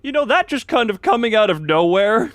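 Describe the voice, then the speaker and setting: A man's voice: high-pitched, very animated, fairly quick, fairly bright tone, dry recording. Rambling, jokey streamer guy, dry sound. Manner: rambling, self-mocking, jokey, often breaks off into laughs. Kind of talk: casual live-stream chat.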